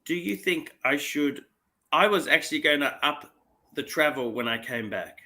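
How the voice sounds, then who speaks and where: A man hosting a casual livestream chat about watches, laughing often and repeating himself when excited. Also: fairly high pitch, moderate pace. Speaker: livestream host.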